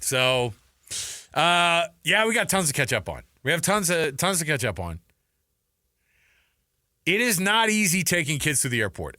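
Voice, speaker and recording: A sports radio co-host, a man with a fairly high, bright voice, talks in an animated, laughing way. His delivery swoops up and down as he tells stories, close on a dry studio mic. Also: no echo. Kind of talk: casual sports talk chat.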